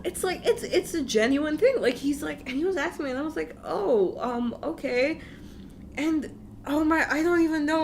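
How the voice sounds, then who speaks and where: A woman's voice: high voice, a little hiss or hum. A young woman co-hosting a podcast, in casual chat full of "like" fillers, giggles and swearing. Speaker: podcast co-host.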